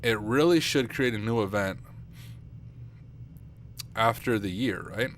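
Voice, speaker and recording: A young man talks casually to his live-stream viewers late at night, thinking aloud as he works and poking fun at his own mistakes. His fairly low voice is getting rough from too much streaming. Faint keyboard typing can be heard behind him at his desk mic. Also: a little slow, a little hiss or hum. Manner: thinking aloud, self-deprecating, chatty with viewers. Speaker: streamer, penetration tester. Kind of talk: casual live-stream talk while working. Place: home computer room at night.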